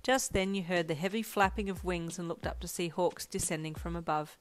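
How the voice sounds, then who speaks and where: A woman reading a fanfiction story aloud in second person, with a soft, quiet storytelling manner. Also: lowish voice, a little fast. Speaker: fanfiction reader.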